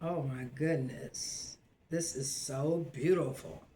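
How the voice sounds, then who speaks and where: A married woman hosting a casual live cooking video at home, chatting excitedly to her viewers and laughing often. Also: deep voice, slow pace, slight background noise. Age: adult, married. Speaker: host of a home cooking channel. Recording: roomy echo.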